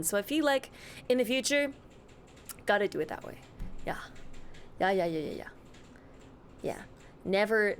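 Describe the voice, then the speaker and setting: A woman's voice: fairly high pitch, slight background noise. A woman live-streaming in a casual, rambling way, greeting her chat by name and slipping into silly voices. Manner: playful, drops into silly voices.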